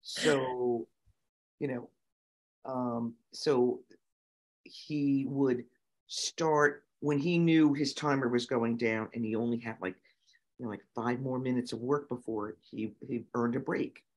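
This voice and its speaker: A middle-aged woman, a guest on an interview show, telling lively stories with many fillers and giving emphatic advice. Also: very deep voice, slow. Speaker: guest, nonprofit founder and autism parent. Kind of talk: conversational storytelling interview.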